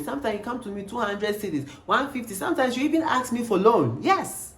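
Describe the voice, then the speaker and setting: A young man tells a storytime vlog. He is emphatic and animated, and he keeps firing rhetorical questions. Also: very high voice, a little fast. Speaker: vlogger. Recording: roomy echo, faint background noise.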